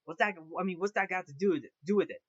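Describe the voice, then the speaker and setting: A man's voice: high voice, very fast, a bit bright, husky, dull audio. A man hosting a movie commentary show, talking off the cuff in a rambling way, restarting and repeating phrases as he rants. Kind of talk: casual unscripted movie commentary.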